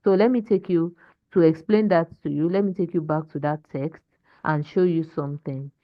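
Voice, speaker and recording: A woman's voice: low-pitched, steady tone, moderate pace, dry recording, highs cut off. A woman teaching a language class online, patiently explaining and modeling pronunciation for her students.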